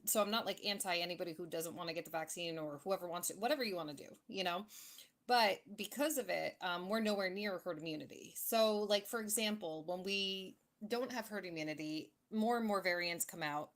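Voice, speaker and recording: A woman making her point in an online debate, hesitant, with many ums, trying to sound even-handed. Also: on the low side. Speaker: debate participant. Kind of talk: casual debate talk.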